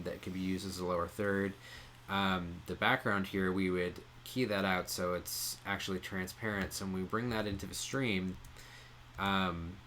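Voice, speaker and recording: Low-voiced man talking through software steps. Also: slight background noise. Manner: relaxed, many "um" pauses, explains step by step. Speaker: streaming tutorial presenter. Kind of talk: casual screen-share tutorial.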